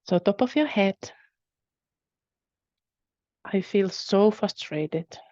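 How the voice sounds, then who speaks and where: Slow, calm woman leading a webinar. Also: mid-range voice, no room sound, highs cut off. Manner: slow, calm, repetitive phrasing. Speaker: webinar host leading a tapping exercise. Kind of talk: guided repeat-after-me instruction.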